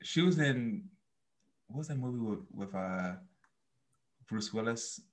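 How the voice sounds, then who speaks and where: A man's voice: medium pitch, measured pace. Chill guy on a podcast, kinda hesitant, lots of uh and like. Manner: relaxed, hesitant with many fillers. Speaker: podcast co-host. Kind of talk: casual chat.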